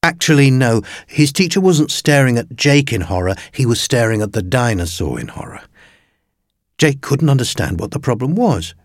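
A man reading a children's story aloud in an expressive, playful way. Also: medium pitch, normal speed, no echo, studio quality. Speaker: narrator.

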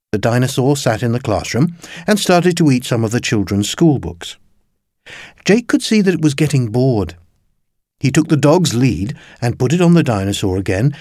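A man reading a children's story aloud in an expressive, playful way. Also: medium pitch, no echo, studio quality. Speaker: narrator.

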